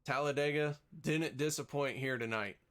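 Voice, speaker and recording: A man's voice: on the high side, moderate pace, fairly bright tone. A man hosting a racing broadcast, interviewing drivers after the race and reading the finishing order in an upbeat announcer style. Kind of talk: post-race interviews and results.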